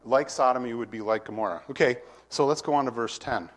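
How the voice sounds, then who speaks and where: A man's voice: mid-range voice, fast. A man preaching a verse-by-verse sermon, talking casually with the congregation and reading scripture with rising emphasis. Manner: conversational, asks the congregation questions.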